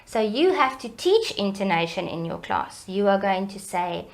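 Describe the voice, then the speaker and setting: A middle-aged woman educator, explaining child development in a lively, teacherly way in an interview. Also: moderate pace. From South Africa. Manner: animated, teacherly, varies pitch and loudness for emphasis.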